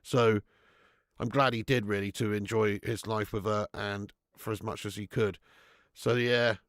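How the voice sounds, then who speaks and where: A middle-aged man, chatting excitably through a live football watch-along, swearing and bantering with his viewers. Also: lowish voice, a little slow, no echo, studio quality.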